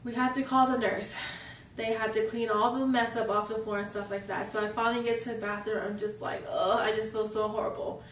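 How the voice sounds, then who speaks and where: A young woman tells a personal story as a vlogger, in a loose, rambling way that keeps circling back on "like". Her voice sits a bit high, and the mic is set back from her, so the room echoes around her words. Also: level tone, brisk, recorded from a distance, slight background noise. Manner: chatty, fills sentences with "like". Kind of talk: casual storytelling.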